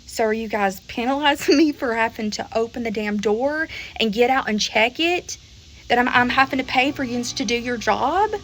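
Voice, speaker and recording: A woman's voice: fairly high pitch, moderate pace, a bit bright, poor audio. Exasperated woman venting about bills. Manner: exasperated, swears mildly, repeats herself. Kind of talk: venting straight to camera.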